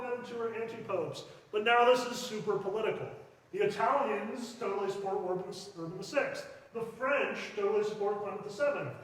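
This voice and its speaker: A man giving a casual, jokey church history lecture, briefly acting out historical figures in quick asides. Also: high-pitched, lively intonation, fairly bright tone, a little hiss or hum. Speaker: church teacher. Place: church hall. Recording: echoey hall, mic far off.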